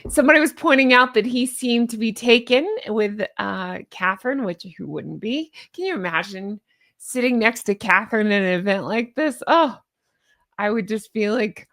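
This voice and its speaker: A woman's voice: a little high, expressive, normal speed, fairly bright tone. A woman with a Southern American accent, chatting in a gushing, giddy way as she comments on royal news. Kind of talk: casual chat.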